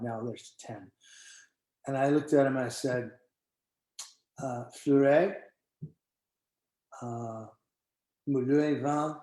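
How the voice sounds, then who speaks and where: An older man in his sixties leads a wine tasting, telling stories with lively energy and acting out the voices of the people he quotes. His voice sits at a middle pitch and carries a roomy echo. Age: 60s. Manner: animated storyteller who acts out quoted dialogue. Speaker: winemaker hosting a tasting.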